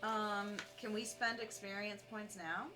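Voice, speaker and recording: A woman's voice: mid-range voice, little pitch movement, unhurried, music in the background, rough recording. A woman player joking bluntly in casual chat during a tabletop game.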